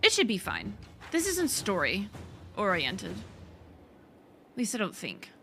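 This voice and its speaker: A woman's voice: mid-range voice, huge pitch swings, measured pace, vocal fry, bright, forceful tone, faint music behind. A woman streaming a video game, chatting casually as she thinks aloud, laughing and swearing often. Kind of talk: casual gameplay commentary.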